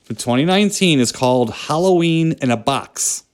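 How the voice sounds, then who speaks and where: A man's voice: a little high, expressive, moderate pace, clear, resonant tone. A man co-hosting a podcast, chatting about movies in a joking, rambling way. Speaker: podcast co-host. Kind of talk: casual movie chat.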